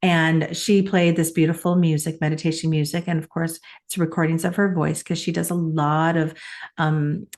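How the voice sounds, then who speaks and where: A woman's voice: deep voice, level tone, moderate pace, a little mellow. A middle-aged woman co-hosting a talk show, telling a personal story in a heartfelt, chatty way. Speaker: podcast co-host. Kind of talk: casual chat.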